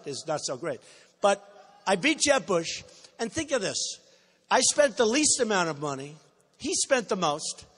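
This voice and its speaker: At a campaign rally in a big indoor hall, a male political candidate speaks in a voice high for a man, pushed hard with a bright, forceful edge. Boastful and off the cuff, he repeats himself, brags, and bursts into shouts to drive points home.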